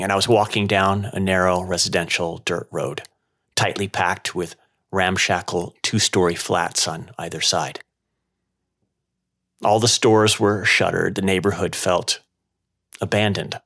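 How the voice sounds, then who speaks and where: Deep gravelly man telling a story. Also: fairly bright tone. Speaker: podcast host. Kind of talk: storytelling narration.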